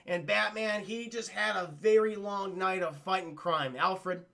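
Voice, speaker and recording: High, gravelly-voiced male streamer. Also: fairly even intonation, sharp tone. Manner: rambling, profane, addresses chat; acts out characters in quick voices. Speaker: streamer reviewing a cartoon. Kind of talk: casual livestream recap.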